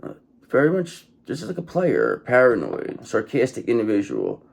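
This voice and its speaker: A man with a medium-pitched, slightly rough voice full of vocal fry and huge pitch swings speaks at a moderate pace. He gives a casual, blunt tarot reading, swearing and repeating himself, and keeps checking in with "okay."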